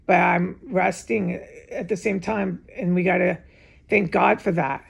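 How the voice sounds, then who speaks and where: A woman's voice: fairly low pitch, fairly even intonation, a little slow, creaky, husky. A woman vlogging from home in a rambling, agitated monologue to camera, repeating herself and swearing often. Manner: agitated, repetitive, with frequent swearing. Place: home, indoors.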